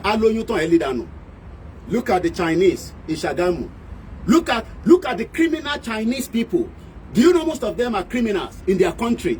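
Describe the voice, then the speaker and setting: A man's voice: sits high, animated, a little fast, darkish tone, slight background noise, low-quality recording. A man with a Nigerian accent delivering an impassioned political monologue as a broadcaster. He rants and switches between English, Yoruba and pidgin.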